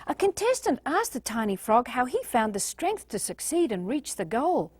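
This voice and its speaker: A woman's voice: high-pitched, very animated, moderate pace, hardly any pauses, darkish tone, breathy edge, dry recording. A woman from Australia, giving a motivational talk and acting out the voices she quotes. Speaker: motivational speaker.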